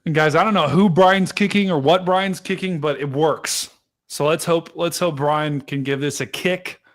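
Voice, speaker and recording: An excitable man hosts a live weather stream, talking straight to his chat as he walks through radar scans. His voice sits a little higher than most men's, and his delivery is casual and chatty. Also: moderate pace. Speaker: livestream weather host. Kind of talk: live storm-tracking stream commentary.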